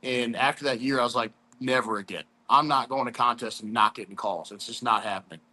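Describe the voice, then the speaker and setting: Bright-voiced guy from st louis, 30s, just chatting easy about his bbq days, lots of "dude". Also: mid-range voice, fairly even intonation, fairly quick. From St. Louis, USA. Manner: laid-back, chatty, says "dude" and "man" a lot. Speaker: competition barbecue pitmaster guest. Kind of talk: casual storytelling interview.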